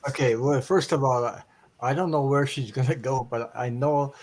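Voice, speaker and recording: A man's voice: medium pitch, normal speed, a little mellow. Hesitant man from Quebec, reading tarot cards. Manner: hesitant, many fillers and restarts. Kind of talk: live-stream casual chat.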